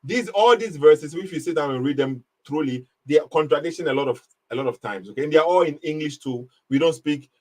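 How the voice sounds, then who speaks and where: A man hosts a live online debate, pressing his points hard and mocking the other side. His voice sits a little higher than most men's. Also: a little fast, hardly any pauses. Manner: mocking, emphatic, laughs at the caller. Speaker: live stream host. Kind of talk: casual live debate commentary.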